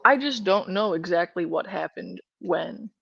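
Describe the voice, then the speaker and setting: A woman's voice: fairly low pitch, a little slow, gravelly, highs cut off, crowd noise. A woman arguing in an online voice chat, sarcastic and cutting, swearing. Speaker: participant in a heated online voice chat. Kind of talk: argumentative voice chat.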